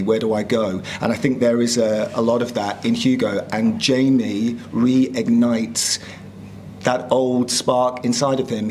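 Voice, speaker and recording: A man in his fifties with a northern English accent, an actor talking reflectively in an interview, pausing often with fillers. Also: medium pitch, darkish tone, slight background noise. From northern England. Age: 50s. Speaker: actor guest. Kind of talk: casual interview chat.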